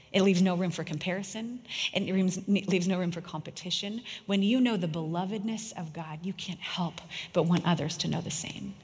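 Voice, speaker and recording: A woman's voice: lowish voice, husky. A woman in her thirties giving an earnest sermon, telling personal stories with emphasis. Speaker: speaker. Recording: long echo in a large room.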